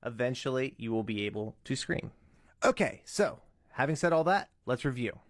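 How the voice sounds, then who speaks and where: A man's voice: mid-range voice, expressive, moderate pace, no room sound, studio quality. A man giving a casual step-by-step tutorial, earnest and cautious in how he explains. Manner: earnest, cautious, breaks into demo screams and whispers. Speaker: vocal tutorial maker.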